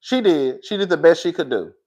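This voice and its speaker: A man with a fairly high voice, giving a loose, candid commentary straight to his viewers. He swears freely and rambles, restarting sentences and drifting into asides before circling back to his point. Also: big pitch swings, a little fast, darkish tone. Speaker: reality TV commentator. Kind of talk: casual commentary vlog.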